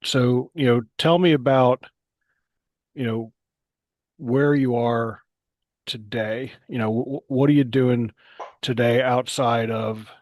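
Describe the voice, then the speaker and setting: A man hosting a podcast, asking halting, searching questions full of fillers. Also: medium pitch, steady tone, a little mellow, dry recording. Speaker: podcast host. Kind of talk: interview questions.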